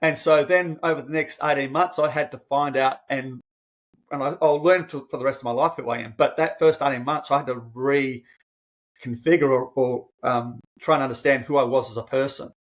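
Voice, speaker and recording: Dull audio carries a mid-range male voice at normal speed. He's an earnest man in his fifties guesting on a podcast, emotionally recounting a personal story, frequently restarting his phrases and animated whenever he quotes himself.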